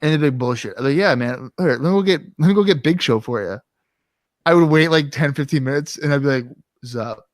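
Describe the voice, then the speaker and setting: A man's voice: on the high side, fast talker, no echo, clean studio sound. Rambling, swearing male podcast host. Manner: rambling, swearing, acts out quotes from his past. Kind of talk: casual storytelling chat.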